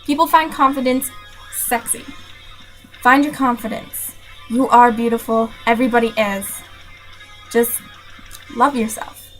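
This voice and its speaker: A teenage girl speaks straight to camera in an earnest, emphatic pep talk, hammering her points home by repeating them. Her voice sits a little high. Faint music plays quietly under her voice. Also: steady tone, normal speed, long pauses, rough recording. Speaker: vlogger. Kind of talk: motivational rant to camera.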